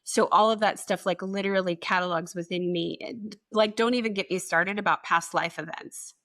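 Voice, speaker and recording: Woman co-host, mid pitch, casual live-stream chat, animated and foul-mouthed, acts out quotes. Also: moderate pace. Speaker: podcast co-host.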